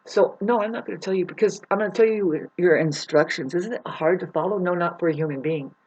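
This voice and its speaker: A woman's voice: lowish voice, a little fast, darkish tone, slightly rough. A woman in a rambling, profane spiritual monologue, laughing often as she talks. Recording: muffled lo-fi recording.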